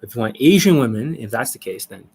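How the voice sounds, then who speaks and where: A man's voice: mid-range voice, expressive, quick pace, darkish tone, slightly rough. A man coaching on a live stream, answering viewers in a blunt, profane, rambling way. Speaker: dating coach.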